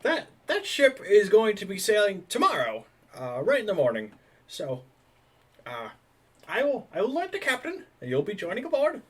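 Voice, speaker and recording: A man putting on a folksy, squeaky old dock official. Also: huge pitch swings, normal speed, breathy edge, full character voice. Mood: cheerful. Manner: drawling folksy dialect, stammering. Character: excitable older male dock official, folksy.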